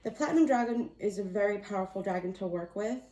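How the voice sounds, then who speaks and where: A woman's voice: medium pitch, fast talker, dark tone. A woman casually doing a spiritual card reading, talking in a meandering, chatty, self-amused way. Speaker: tarot and oracle card reader. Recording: roomy echo, distant mic.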